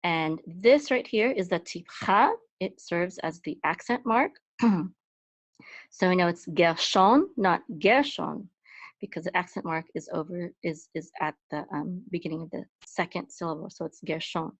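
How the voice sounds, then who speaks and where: A woman teaching Hebrew letters step by step, patient and explaining with fillers, breaking into high chanting for words. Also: moderate pace, dry recording. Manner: chants words in a much higher, louder voice. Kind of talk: step-by-step Hebrew reading lesson. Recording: dry, dull lo-fi sound.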